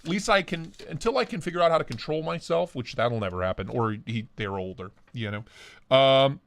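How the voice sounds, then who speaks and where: A man runs a casual live stream from his home office, talking into a desk mic with a lively, swinging pitch. He rambles, swears and jokes, greets chatters one by one, and sounds a bit short of breath. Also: fairly quick. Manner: crude, joking, rambling, greets chatters by name. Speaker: livestream host. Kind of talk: casual live chat reading viewer comments.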